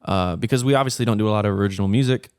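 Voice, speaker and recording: Man, podcast host, casual lead, low smooth voice, dry close mic. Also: rapid-fire, no room sound. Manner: relaxed, leads the conversation. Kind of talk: casual group podcast chat.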